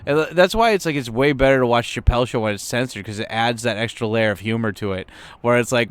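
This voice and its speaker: A man's voice: medium pitch, quick pace, smooth, no echo. A man streaming a game, chatting casually and rambling with lots of fillers and swearing. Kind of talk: casual gameplay commentary.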